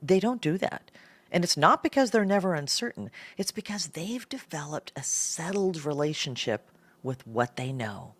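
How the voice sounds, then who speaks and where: A woman with a low voice hosts a solo leadership talk, coaching listeners in a direct, emphatic way. Her pitch moves in wide, lively swings. The sound is dry and close. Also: normal speed, no room sound. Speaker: podcast host and leadership coach. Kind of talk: solo talk on professional presence.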